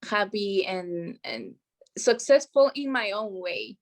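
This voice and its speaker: A woman speaking English as a second language, a guest in a casual interview, halting and searching for words. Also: medium pitch, sing-song. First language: not English.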